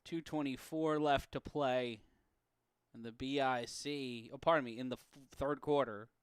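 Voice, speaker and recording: A man calling an amateur football game play-by-play, profane and prone to erupting into shouts and laughter on big plays. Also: mid-range voice, steady tone, a little slow, smooth, no room sound, clean studio sound. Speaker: play-by-play commentator. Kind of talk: sports commentary.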